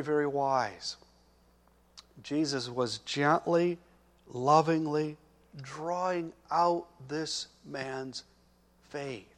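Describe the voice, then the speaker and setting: A man preaching a sermon, slow and emphatic, growing loud and urgent when he speaks the characters' words. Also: on the high side. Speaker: pastor.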